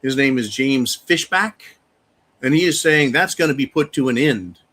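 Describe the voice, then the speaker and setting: Hosting a live show, a man with a medium-pitched, fairly bright voice speaks at normal speed. He delivers a heated, foul-mouthed live-stream commentary rant, mocking through repetition.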